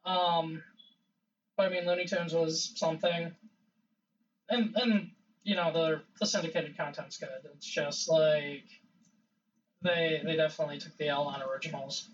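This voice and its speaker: A man's voice: fairly high pitch, steady tone, a little slow, long pauses. A man co-hosting a casual podcast chat, blunt and wisecracking. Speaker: podcast co-host. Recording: distant, dull-sounding mic.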